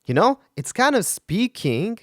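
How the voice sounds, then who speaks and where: A man's voice: sits high, sing-song, unhurried, loud music behind the voice. A man, a vocal coach, giving enthusiastic, analytical commentary while reacting to a song. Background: faint rock song playing.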